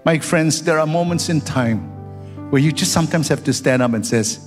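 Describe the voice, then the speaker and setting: A man's voice: a little high, moderate pace. Male pastor, sermon, storytelling then fervent prayer, church hall echo, faint music behind. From Singapore. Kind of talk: sermon with personal stories. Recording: church hall with long reverb.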